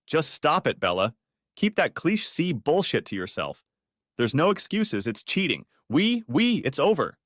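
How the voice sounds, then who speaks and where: A man's voice: a little high, very animated, measured pace, a bit bright, no echo, clean studio sound, pitched above the performer's own voice, full character voice. A man voicing a betrayed businessman husband who talks in angry, clipped, cursing bursts.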